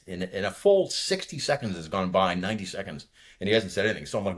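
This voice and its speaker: A man in his sixties from the Boston area, with a fairly low voice. He tells war stories in a loose, profane, laughing way and acts out radio calls as he goes. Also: animated, quick pace. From outside Boston, USA. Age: 60s. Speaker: guest, retired fighter pilot. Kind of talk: casual war storytelling.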